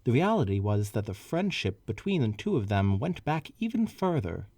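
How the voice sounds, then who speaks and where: Man reading fanfiction aloud, lively. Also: medium pitch, normal speed, no room sound. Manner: reads with asides and stumbles. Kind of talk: comedic dramatic reading.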